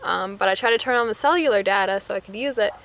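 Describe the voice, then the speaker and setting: Speaking quickly in a gravelly, fairly bright mid-range voice, a young adult vlogger from the United States tells of a travel mishap, casual and breathless, full of "like" and acted-out quotes. The audio is poor, with slight background noise.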